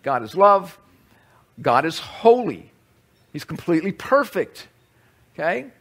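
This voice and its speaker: A man's voice: on the high side, sing-song, slow, a bit bright. A man preaching a conversational sermon, teaching with asides to the audience. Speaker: pastor.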